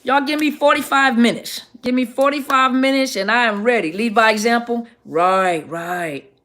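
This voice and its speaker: A woman's voice: a little high, normal speed, a bit bright. Chatty woman hosting a live Q&A. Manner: chatty, greets viewers by name, restarts sentences. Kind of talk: casual livestream Q&A, reading viewer comments.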